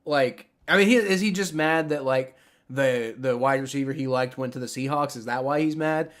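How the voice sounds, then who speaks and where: A man's voice: medium pitch, normal speed. A young man casually reacting on a live stream, rambling with many restarts and frequent swearing. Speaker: streamer reacting to a sports draft.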